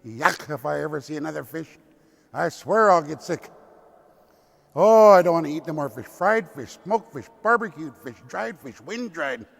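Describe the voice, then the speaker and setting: A man's voice: on the high side, lively intonation, moderate pace, creaky, bright, forceful tone, exaggerated voice. An older man voicing a group of hungry village children who complain that all they ever eat is fish. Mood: fed up. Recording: long cathedral reverb.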